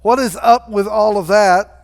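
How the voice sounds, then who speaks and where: A man's voice: sits high, steady tone, unhurried. A man voicing a resentful older brother who complains indignantly.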